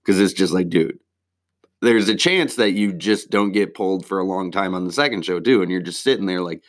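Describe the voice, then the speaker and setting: A man with a deep, low voice talks casually and at length, rambling from one point to the next. He swears constantly and drops slang as he goes. He sounds like a comedian recapping his week for his regular audience. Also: moderate pace. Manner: rambling, heavy swearing, laid-back slang. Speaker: stand-up comedian.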